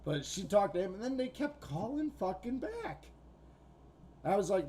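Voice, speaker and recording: A man's voice: high voice, big pitch swings, moderate pace, mellow, a little hiss or hum. A man co-hosting a podcast, telling a rambling, profane story in casual chat. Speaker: podcast co-host.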